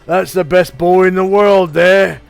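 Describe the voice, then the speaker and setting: A man voicing a large, gruff male blacksmith, hearty and full of swearing. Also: sits high, steady tone, a little slow, faint music behind, voice pushed up.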